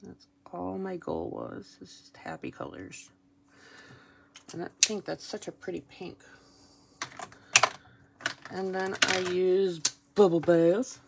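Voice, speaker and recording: A woman talks slowly through a paper-craft demo in a low, gravelly voice, chatting and thinking aloud as she colors and glues. She pokes mild fun at herself between steps. The home recording carries steady background noise. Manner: chatty, self-deprecating, thinking aloud while working. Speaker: crafting demonstrator. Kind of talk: casual how-to commentary while crafting.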